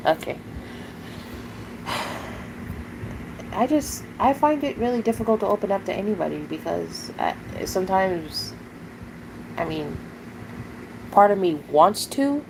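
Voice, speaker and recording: A young woman streams live while upset and angry, swearing freely and confronting a viewer. Her voice sits at a middle pitch for a woman. A faint hiss of background noise runs under her voice. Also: animated, a little slow, vocal fry, pauses often. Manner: profane, confrontational, fillers of "like".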